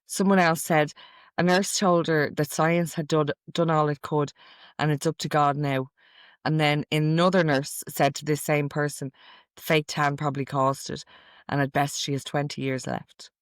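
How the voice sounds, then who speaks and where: A woman's voice: low voice, flat delivery, normal speed, no room sound, studio quality. A middle-aged woman hosting a casual podcast, reading out quotes from a list in a chatty, amused way. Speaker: podcast host.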